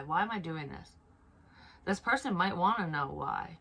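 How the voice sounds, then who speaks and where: Low-voiced woman musing softly. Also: expressive, normal speed, vocal fry. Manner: hesitant, musing aloud with frequent restarts; soft and low-key, swearing casually. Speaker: psychic medium. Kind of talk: unscripted psychic reading monologue.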